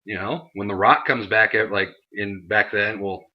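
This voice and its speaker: A man's voice: lowish voice, steady tone, a little slow, muffled recording. A young man casually reviewing a wrestling show in a chatty, rambling way. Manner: chatty, rambling, lots of fillers. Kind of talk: casual recap monologue.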